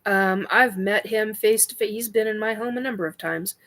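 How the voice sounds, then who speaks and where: This middle-aged host of a spiritual livestream chat responds to viewers in a hesitant way, full of ums and restarts. The recording quality is low, and her mid-range voice has a slightly bright tone.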